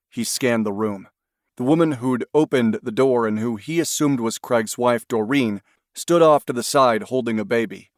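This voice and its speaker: A man with a mid-range voice narrates an audiobook in a steady, measured storytelling style. The recording is dry and studio quality.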